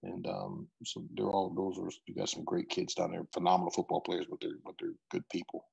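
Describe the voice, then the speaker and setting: Low gravelly man, husky coach. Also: brisk, darkish tone, poor audio. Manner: repeats words when starting sentences, laughs while telling stories. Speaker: football coach. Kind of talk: interview storytelling.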